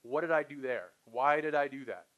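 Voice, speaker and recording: A man's voice: medium pitch, moderate pace, highs cut off. A man leading a sales training session, talking casually to trainees and acting out short phone exchanges. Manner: animated, acts out customer and salesperson lines. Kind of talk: live sales training talk.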